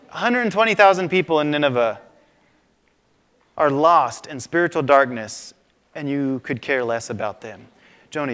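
Preaching man in a reverberant hall. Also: mid-range voice. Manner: conversational, animated storytelling preaching. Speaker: pastor. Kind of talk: sermon. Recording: long reverb of a large hall.

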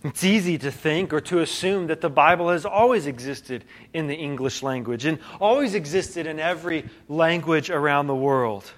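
A man preaching a sermon as a pastor, telling a story with dramatic quiet drops and rising questions, often repeating and restarting phrases. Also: on the high side, moderate pace, hardly any pauses.

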